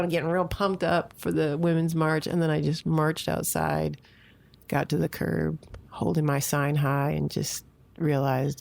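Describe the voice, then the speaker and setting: Woman, 40s, Midwest-raised, low voice, deadpan comic podcast host. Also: normal speed, vocal fry. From American Midwest. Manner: rambling, self-deprecating, deadpan. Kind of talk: casual solo comedic monologue. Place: home side office.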